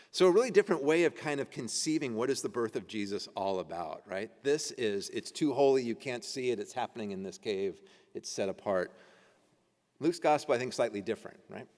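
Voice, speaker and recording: A man teaching an adult education class at a church, reading ancient texts aloud and talking them over casually. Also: lowish voice. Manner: conversational, laughing while reading old texts aloud. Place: church meeting room. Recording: church hall reverb.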